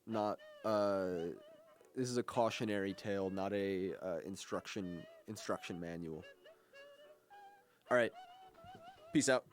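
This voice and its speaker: A man's voice: low voice, unhurried, pauses often, soft background music. A young man hosting a college radio show, chatting casually and rambling with lots of fillers and restarts. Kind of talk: casual on-air chat.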